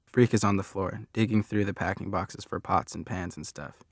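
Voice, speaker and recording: A man's voice: sits low, steady tone, moderate pace, husky, no echo, studio quality. A man narrating a first-person audiobook in a conversational, wry storytelling manner.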